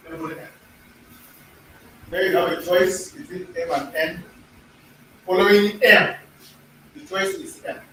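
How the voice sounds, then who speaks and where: A man's high-pitched, fairly bright voice drives a language class as he repeats material and keeps confirming the students are following along. It's recorded from a distance in a reverberant room with faint noise.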